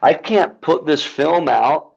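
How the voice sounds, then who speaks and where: A man's voice: on the high side, animated, slow pace, gravelly, darkish tone, slightly rough, muffled recording. A man being interviewed as a guest, talking earnestly and emphatically about a film he made and about holding yourself accountable. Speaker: podcast guest, filmmaker. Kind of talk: earnest motivational talk.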